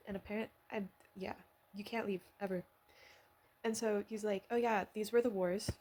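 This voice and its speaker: A woman vlogger recapping a miniseries in a casual, rambling way, excitable and swearing freely. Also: mid-range voice, normal speed, a little hiss or hum.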